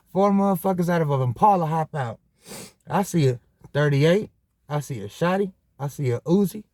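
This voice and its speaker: High-voiced, profane storytelling man. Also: dry recording, studio quality. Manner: profane, animated street slang. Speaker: podcast host. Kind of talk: casual storytelling monologue.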